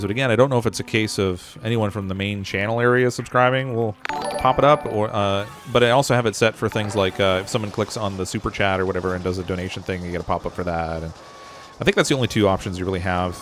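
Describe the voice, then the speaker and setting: A man's voice: lowish voice, fast talker, a bit bright, faint music behind. A young Canadian man with a Canadian accent, live-streaming and commenting on his gameplay, chatty, thinking aloud with fillers and corny jokes. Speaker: game streamer.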